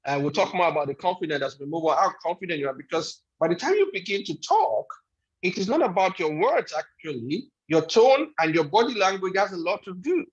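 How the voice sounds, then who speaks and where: A man delivers a motivational lecture in a fairly high voice, hammering home his points by repeating them. The sound is dull and lo-fi, with a noticeable echo from the room around him. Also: animated, fairly quick. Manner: emphatic, repeats key phrases for effect. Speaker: webinar speaker on life skills.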